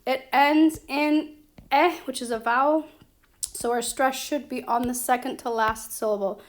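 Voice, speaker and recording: A woman's voice: high voice, fairly even intonation. A woman explaining a grammar lesson as a teacher, patient and checking in with her students as she goes. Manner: slow, patient, checks in with "okay?" and "right?". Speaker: Spanish teacher.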